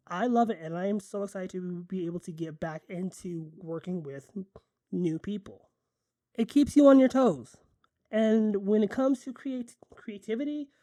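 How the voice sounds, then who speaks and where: Mellow-voiced woman rambling eagerly. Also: medium pitch, no room sound, clean studio sound. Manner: rambling, enthusiastic, self-correcting; drinking coffee while talking. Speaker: photographer and content creator. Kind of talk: casual vlog chat.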